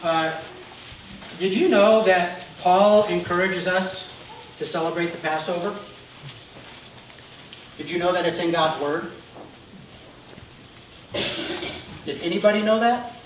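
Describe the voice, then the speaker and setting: A man's voice: high voice, slow, pauses often. A man preaching an Easter sermon as pastor, talking to the congregation and often checking in with "Okay?". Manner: animated, acting out Bible figures. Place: church sanctuary. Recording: very echoey room, voice from a distance, faint noise.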